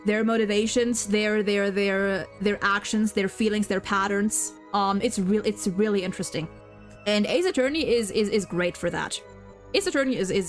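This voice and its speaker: Young woman streamer, rambly casual chat, middle pitch, soft music in the background. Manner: rambling, many restarts and repeated words. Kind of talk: casual gaming livestream chat.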